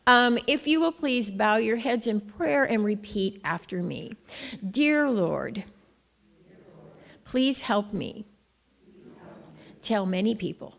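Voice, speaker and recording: A woman's voice: medium pitch, expressive, takes it slowly, creaky, pauses often, big-room sound. A woman missionary giving a playful children's-moment lesson to a church congregation, coaxing them to repeat after her. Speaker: guest missionary speaker. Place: church sanctuary.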